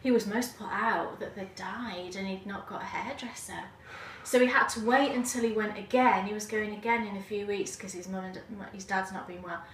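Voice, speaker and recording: A woman's voice: medium pitch, slight background noise. A woman co-hosting a knitting podcast, chatty and explanatory, talking casually at home. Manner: chatty and explanatory, quick laughs. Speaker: podcast co-host. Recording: roomy audio with the mic some distance away.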